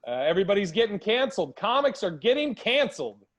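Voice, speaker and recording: A podcast host with a high voice talks fast, chatting casually and telling stories in an animated way, acting out the quoted conversations.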